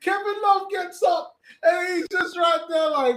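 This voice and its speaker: A man hosting a live watch party, excitedly reacting play by play and often stammering and restarting his sentences. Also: very high-pitched, a little slow, reverberant.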